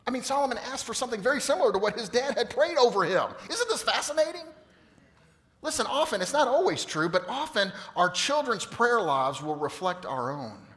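A man in his fifties preaching a sermon, telling stories with lively swings from loud emphasis to hushed tones. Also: extremely high pitch, brisk. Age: 50s. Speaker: pastor. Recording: long reverb of a large hall.

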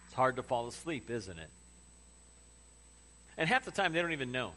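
A pastor preaches a sermon conversationally, adding humorous asides. His voice is medium-pitched and very animated, with a fairly bright tone and normal speed. A little hiss or hum runs under the audio.

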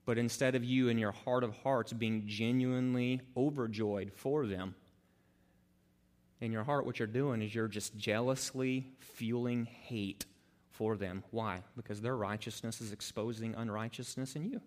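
A male pastor with an ordinary mid-pitched voice delivers a sermon at an unhurried pace and with lively energy. He acts out the people in his stories by slipping into their voices, and a long reverb suggests a large hall.

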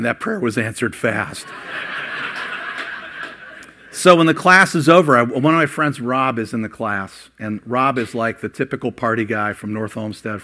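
An older man preaching a sermon, voice rising for emphasis and dropping low while he tells personal stories. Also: bright, forceful tone. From Ohio. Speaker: pastor.

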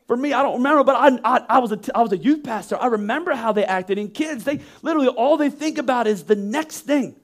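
Talking fast with very few pauses, a man in his thirties delivers a sermon as pastor in a very high voice. His style is forceful and rhetorical, and he frequently acts out the voices of those he quotes.

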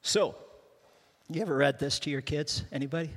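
A man's voice: on the high side, normal speed, a bit bright. Joking older male preacher in a hall. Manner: self-deprecating, joking, with frequent restarts. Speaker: guest pastor. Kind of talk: humorous sermon. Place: large church hall. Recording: long hall reverb.

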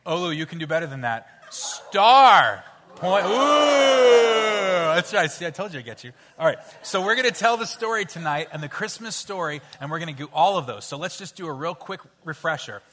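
A man leading an interactive children's Bible story in church, playful and coaxing as he cues the kids to shout sound effects. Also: fairly high pitch, fast talker, few pauses. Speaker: children's pastor. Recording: hall reverb with faint music.

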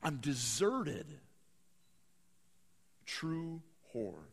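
A man preaching a sermon, swinging from hushed, slow lines to loud, dramatic bursts. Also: a little high, sing-song, breathy edge, long reverb tail. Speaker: pastor.

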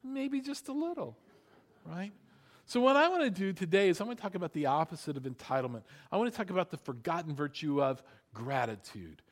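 A man preaching a sermon, animated, building up loud then dropping to hushed emphasis, and having the congregation repeat words after him. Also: sits high, fairly quick. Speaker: pastor.

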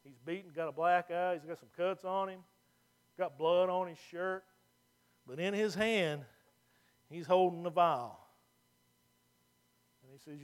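A man preaching a sermon as pastor, folksy and plain-spoken, moving from quiet asides to loud emphatic points. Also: high voice, unhurried, pauses often, smooth.

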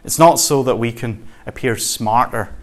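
A Scottish man preaching in a relaxed, chatty manner. His voice sits at a middling pitch, and he leans earnestly into his points with everyday examples. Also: moderate pace. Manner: conversational and earnest, with homely examples. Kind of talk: sermon.

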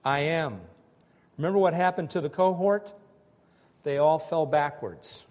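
A man preaching a sermon in slow, emphatic phrases that swell and drop with pauses between them. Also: fairly high pitch, darkish tone, long reverb tail. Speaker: pastor.

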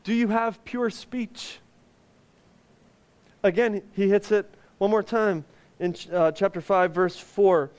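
A man's voice: high voice, steady tone, slow, pauses often, a little mellow, clean tone. A male pastor preaching a sermon, earnest and conversational with touches of humor.

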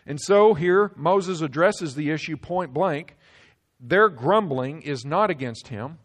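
Pastor, male, slightly raised pitch, preaching with dramatic loud-soft swings. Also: lively intonation, slow pace. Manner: preaching with dramatic swings between loud emphasis and hushed drops. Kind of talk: sermon.

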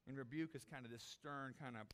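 A man preaching a sermon, animated, acting out the disciples' desperate cries. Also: medium pitch, fast. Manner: animated, acts out voices of the disciples. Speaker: pastor.

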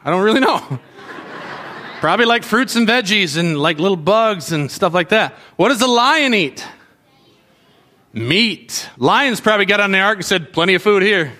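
Children's pastor: male, high bright voice, animated, questioning the kids. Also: measured pace, long pauses, a little hiss or hum. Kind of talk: sermon to children.

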